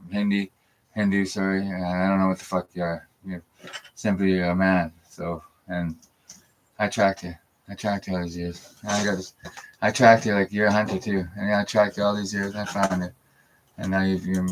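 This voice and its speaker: Man, very deep even voice, profane rambling vlog talk. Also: rough recording. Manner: rambling, profane, repeats himself. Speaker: vlogger. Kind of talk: rambling monologue.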